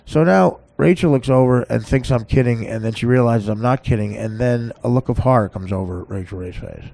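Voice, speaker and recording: A man's voice: medium pitch, fairly quick, gravelly, hardly any pauses, dark tone, no room sound. A podcast host telling a comic story in a rambling way, often laughing at his own tale.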